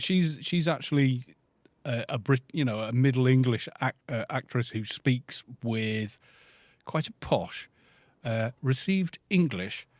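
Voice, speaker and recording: A man's voice: medium pitch, dry recording. A man with a Scottish accent chatting casually with friends in a game voice chat, rambling and restarting his sentences. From Scotland. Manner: rambling, restarts often, chuckles. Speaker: gamer on a group voice chat.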